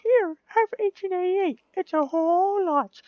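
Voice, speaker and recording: A man's voice: very high-pitched, measured pace, no room sound, voice pushed up. A man voicing the world itself as a sarcastic, taunting figure in a game video, on a dull lo-fi recording. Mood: mocking. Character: mocking personified world, squeaky taunting voice.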